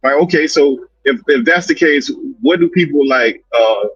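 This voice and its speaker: A man's voice: on the high side, normal speed, a bit bright, breathy edge. A man co-hosting a casual talk show, talking emphatically and complaining, tacking "man" onto his sentences, heard over dull lo-fi remote audio. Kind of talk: casual podcast chat.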